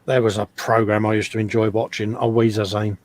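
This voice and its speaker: A man's voice: lowish voice, flat delivery, brisk. Laughing, matey English man. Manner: laughing, matey, says "mate" often. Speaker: co-host reading live chat. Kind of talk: casual live-stream banter.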